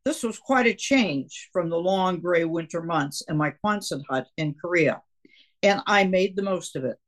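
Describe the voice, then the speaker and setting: Older lady from minnesota reading her own book out loud, kinda low voice, lively telling. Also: normal speed. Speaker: guest author.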